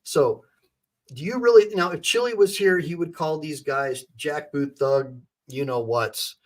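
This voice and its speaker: A man's voice: fairly high pitch, a little slow. A man hosting a livestream as an attorney, giving emphatic, indignant commentary and calling on his chat for reactions.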